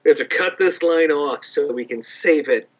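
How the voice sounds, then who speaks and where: A man's voice: a little high, moderate pace. A man co-hosting a podcast in casual chat, enthusiastic and rambling with jokes. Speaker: podcast co-host. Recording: dull lo-fi podcast audio.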